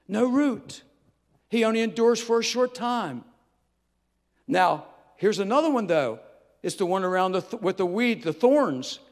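A man's voice: sits high, in a large hall. A man preaching a sermon as pastor, folksy and emphatic, repeating key phrases for effect. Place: church.

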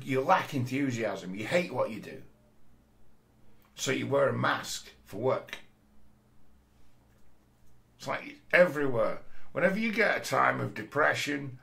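A middle-aged man, delivering a blunt, sweary monologue. His voice is gravelly with a rough edge, set at an ordinary pitch for a man. He talks plainly, as if venting to a friend. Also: sharp tone. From Rochdale, England. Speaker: commentator. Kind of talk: casual monologue.

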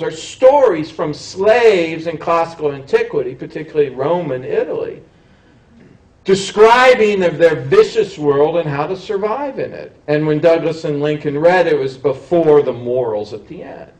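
A man's voice: a little high, lively intonation, a little slow, a little mellow. A man, a history professor, giving a public lecture, talking in a discursive way with frequent restarts and self-corrections. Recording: roomy hall, mic at a distance.

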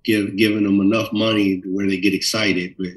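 Animated storytelling bassist with a low voice. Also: male voice, normal speed, far from the mic, low-quality recording. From Minnesota. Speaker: bassist guest. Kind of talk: storytelling interview.

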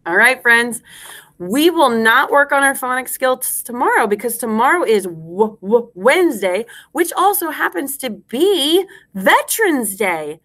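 A woman teaches phonics to young children in a sing-song voice. She talks slowly and stretches out each sound, and her pitch rises and falls a great deal. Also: animated, pushed and bright.

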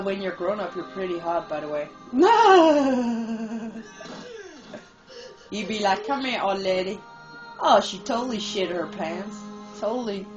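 A woman giving casual, excitable let's-play commentary while she plays, teasing and swearing. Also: fairly high pitch, poor audio. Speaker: gamer playing and commenting. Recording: game music playing behind.

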